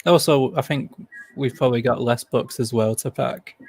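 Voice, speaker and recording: A man joins a livestream over a video call and chats casually. He answers with dry, self-deprecating humor at an ordinary pitch. His sound is close and dry. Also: normal speed, a little mellow, no echo. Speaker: guest on a live stream. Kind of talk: casual chat.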